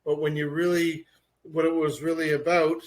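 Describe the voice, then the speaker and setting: A man's voice: a little high, level tone, moderate pace. A man co-hosting a podcast, talking in blunt, opinionated rants with casual swearing. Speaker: podcast co-host.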